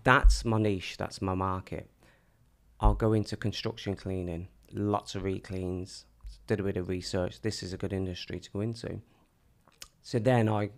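A man's voice: fairly low pitch, gravelly. A man telling his own story casually, acting out the things people said to him. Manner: animated storyteller acting out quoted dialogue.

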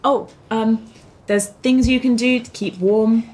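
A woman playing a tabletop game, chatty and quick to laugh. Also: on the high side, fairly even intonation, darkish tone. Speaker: player. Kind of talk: casual tabletop play.

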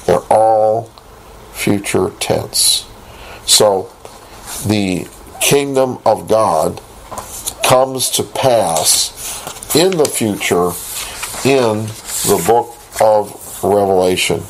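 Slow-paced deep-voiced male Bible teacher. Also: expressive, a little hiss or hum, rough recording. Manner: slow and deliberate, reading scripture aloud, rhetorical questions. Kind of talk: recorded Bible study lesson.

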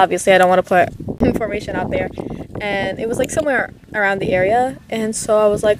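A young woman in her late teens, talking casually and softly to the camera at a park, rambling with lots of "like"s and getting emotional. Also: medium pitch, quick pace, noisy background. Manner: soft-spoken, rambling, emotional, many "like"s. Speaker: vlogger. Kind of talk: casual chat. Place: outdoors at a park. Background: dogs barking at times.

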